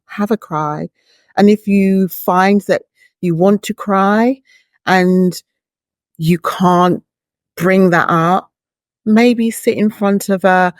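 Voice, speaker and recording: A woman's voice: mid-range voice, darkish tone, dry recording. Earnest middle-aged woman, dry close sound. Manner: earnest, heartfelt, speaks in extended images. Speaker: bereaved mother, guest. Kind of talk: reflective interview talk.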